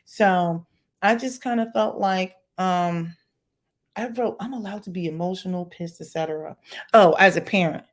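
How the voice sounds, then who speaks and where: A woman giving blunt, opinionated reaction commentary on a livestream, talking straight to her viewers with emphatic, lively delivery. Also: fairly low pitch, moderate pace. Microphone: home livestream setup.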